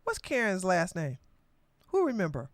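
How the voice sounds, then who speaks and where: A woman hosting a political commentary podcast, talking loudly and emphatically with blunt slang and frequent laughter. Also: fairly low pitch, huge pitch swings, normal speed, no echo, studio quality. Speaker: podcast host.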